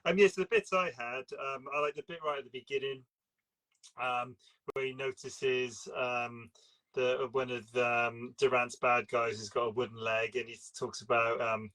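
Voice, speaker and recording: Bright-voiced man, chatty and laughing. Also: mid-range voice, fairly even intonation, normal speed, low-quality recording. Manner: chatty, apologetic, laughs often. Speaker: podcast co-host. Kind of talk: casual film chat.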